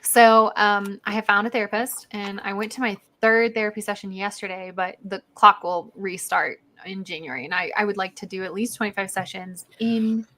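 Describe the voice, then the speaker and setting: A woman's voice: medium pitch, steady tone, normal speed, hardly any pauses, bright, forceful tone. A woman hosting a casual livestream chat, reading viewer comments aloud and talking through her goals. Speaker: livestream host.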